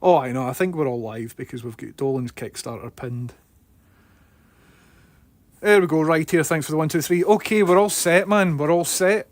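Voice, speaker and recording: Chatty Scottish man, slightly high voice. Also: normal speed. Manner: chatty and excitable, talking straight to viewers. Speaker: live streamer. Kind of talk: casual live-stream chat. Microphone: phone mounted on his head.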